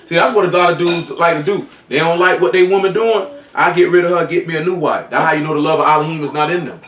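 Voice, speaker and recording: Echoey, distant preacher, raised voice. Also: male voice, on the high side, fast, a bit bright. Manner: reads scripture aloud, then explains it in loose colloquial speech. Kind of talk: sermon.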